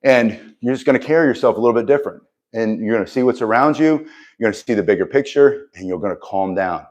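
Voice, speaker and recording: Earnest middle-aged self-defense instructor. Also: male voice, mid-range voice, fast talker, a little mellow. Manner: earnest, motivational, loose with restarts and chuckles. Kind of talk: casual direct-to-camera talk.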